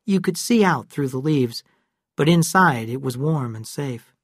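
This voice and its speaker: A narrator reads an audiobook at a steady, even pace. The voice sits in a middle pitch. The sound is dry and close with no room echo. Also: unhurried, husky.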